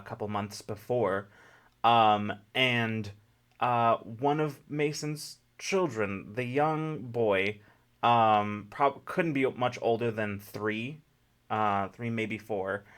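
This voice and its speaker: A man narrating a tabletop game as game master, in a halting, thoughtful way. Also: on the low side, a bit bright.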